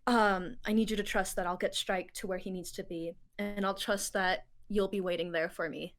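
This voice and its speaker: A woman voicing a hesitant young woman who is steadying her nerve, in a soft, earnest tone, in a tabletop game. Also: mid-range voice, steady tone, moderate pace, lightly acted.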